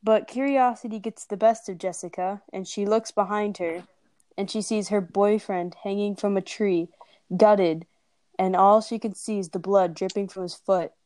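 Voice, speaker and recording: A woman's voice: medium pitch, fairly even intonation, normal speed, warm tone, no room sound. A young woman casually telling a scary story to friends on a call, drawing out the sound words for effect.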